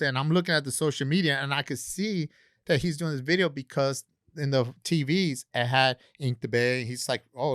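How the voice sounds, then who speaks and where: A man on a podcast, telling a long story in a casual, animated way and acting out the people he quotes. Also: mid-range voice, no echo, clean studio sound. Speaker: guest, convention organizer.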